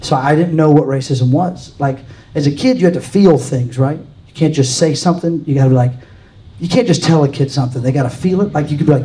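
High-voiced man doing dry stand-up. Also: expressive, fast talker, warm tone, rough recording. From Louisiana. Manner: dry, self-deprecating, chats with the crowd. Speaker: stand-up comic. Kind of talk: live stand-up set. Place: comedy club stage.

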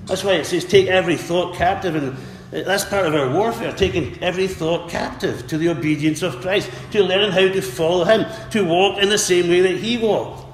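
A man's voice: high-pitched, moderate pace, a little hiss or hum. A man preaching a sermon earnestly, repeating words and calling out for amens. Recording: echoey hall with faint ambience.

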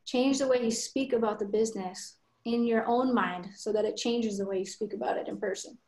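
A woman coaches her team over a video call, talking with earnest conviction. Her voice sits fairly high, and her room has a noticeable echo. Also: a little mellow. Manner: earnest, fast storytelling with conviction. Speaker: guest coach.

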